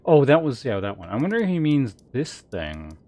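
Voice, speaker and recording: A man's voice: mid-range voice, sing-song, normal speed, warm tone. A young male streamer giving casual, filler-heavy commentary and muttering to himself as he plays.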